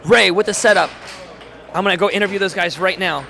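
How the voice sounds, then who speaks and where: A man commentating a live air hockey match, his voice going hoarse, excitable and chatty as he reads viewer messages aloud. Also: high-pitched, a little fast, background noise. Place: tournament hall.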